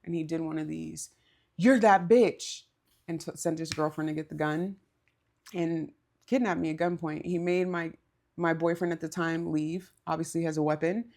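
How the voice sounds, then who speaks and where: A woman's voice: sits low, level tone, normal speed, gravelly, a little mellow. A woman co-hosting a podcast, telling a story in a candid, casual way, swearing and laughing as she goes. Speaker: podcast co-host.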